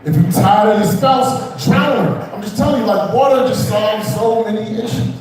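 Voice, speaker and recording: A young man with a high voice and a darkish tone does a loose, rambling stand-up set at a small comedy club open mic, swearing and tossing crowd-work asides to the audience. He talks at a moderate pace, and he's far from the mic, with a roomy echo.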